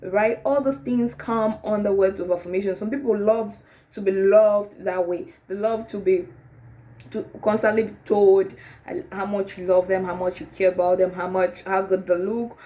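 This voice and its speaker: A woman's voice: mid-range voice, normal speed. A woman giving casual relationship advice, talking it through conversationally and often checking in with "okay?" and "right?". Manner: acts out sample dialogue in a rising, animated voice.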